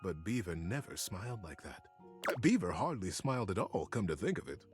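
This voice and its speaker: A man giving a scripted storybook narration in an expressive, theatrical way. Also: sits low, normal speed, faint music behind.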